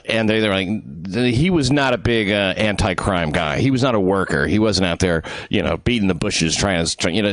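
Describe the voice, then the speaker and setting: A man's voice: fairly low pitch, fairly bright tone, no echo. A man, a comedian guest, talking bluntly and cynically in a rambling casual chat, with restarts. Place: New York.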